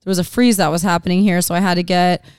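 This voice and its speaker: Low-voiced chatty woman podcaster. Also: fairly even intonation, fast, darkish tone, smooth, no room sound, clean studio sound. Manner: chatty storyteller, many "like"s. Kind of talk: casual podcast chat.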